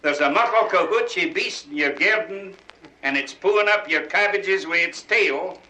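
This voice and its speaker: A woman's voice: on the low side, moderate pace, sharp tone, roomy sound, a little hiss or hum, low-quality recording. A man doing a frantic Scottish housewife. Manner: frantic, broad dialect. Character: excitable older Scottish housewife.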